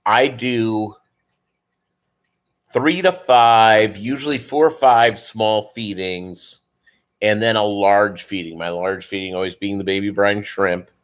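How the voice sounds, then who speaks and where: A man's voice: lowish voice, slow. A man who breeds fish, chatting casually and rambling on his live stream and calling viewers "gang".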